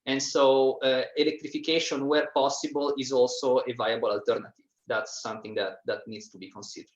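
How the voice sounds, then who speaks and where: A man's voice: mid-range voice, flat delivery, brisk. Man, panel expert, hesitant explanatory delivery, roomy echo, dull lo-fi sound. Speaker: workshop panelist. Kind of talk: technical panel answer.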